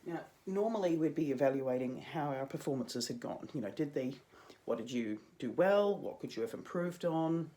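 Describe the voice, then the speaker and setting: A woman's voice: sits low, expressive, normal speed, hardly any pauses, dark tone. A young adult woman, a drama teacher giving a chatty video lesson to her students with jokey asides.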